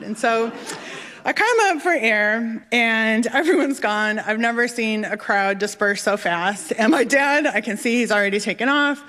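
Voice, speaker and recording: A young woman telling a personal story on stage, animated and laughing, acting out the voices of others. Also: on the high side. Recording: long hall reverb.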